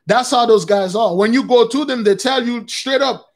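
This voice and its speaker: Man, high-pitched voice, casual spiritual talk, rambling, repetitive, calls listeners brothers and sisters. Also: moderate pace.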